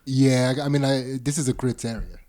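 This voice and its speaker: A man hosting a comedy podcast, joking in quick casual banter with laughs. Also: medium pitch, level tone, crowd noise. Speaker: podcast host.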